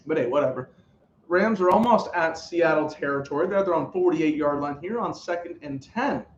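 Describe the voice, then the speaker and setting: A man talks through a football game on his live stream, his pitch sitting a little high and swinging widely as he gets excited. He rambles casually between plays. The sound is roomy and slightly muffled, with a faint hum of room ambience behind him. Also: a little fast. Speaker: sports live-stream host.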